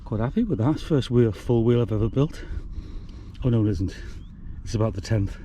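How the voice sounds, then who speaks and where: A man's voice: mid-range voice, moderate pace, warm tone, a little hiss or hum. A man, casually talking through his own bike repair in a vlog, chatty, blunt and self-mocking. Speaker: DIY e-bike vlogger.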